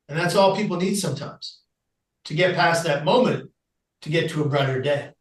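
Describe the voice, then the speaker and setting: A man telling a personal story as a podcast guest, animated and acting out the people he quotes. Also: on the high side, normal speed, echoey room, recorded from a distance, low-quality recording.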